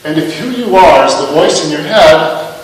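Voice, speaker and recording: A man's voice: a little high, expressive, normal speed, slight background noise. A male minister giving a sermon in a conversational, self-mocking way, asking rhetorical questions. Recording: echoey hall, mic at a distance.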